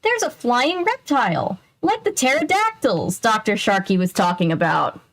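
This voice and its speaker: A woman voicing an eager teenage girl in a raised, excited voice. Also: fairly high pitch, normal speed.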